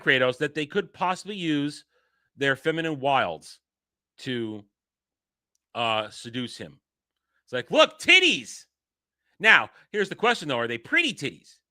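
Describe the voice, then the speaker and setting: Male stream host, loose and rambling, self-interrupting, sharp bright tone. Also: medium pitch, dry recording, clean studio sound. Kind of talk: casual livestream chat.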